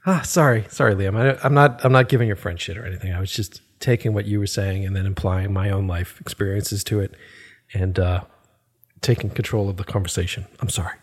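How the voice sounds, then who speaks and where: A man's voice: on the low side, fairly even intonation, fairly quick, breathy edge. A man hosting a casual podcast chat, blunt and profane, who shifts from ranting to apologizing.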